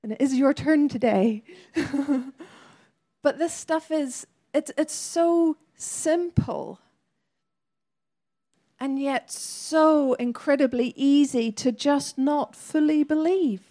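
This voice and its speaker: High-voiced woman preaching unhurriedly. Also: slow pace, dark tone. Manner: earnest, conversational, with laughing asides. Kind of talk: sermon.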